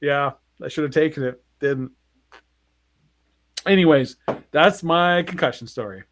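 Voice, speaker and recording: A man's voice: a little high, a little slow, slight background noise. A man in his forties, a podcast co-host, telling a long personal story in casual chat and acting out the voices of the people in it. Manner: animated, acts out quoted voices, swears.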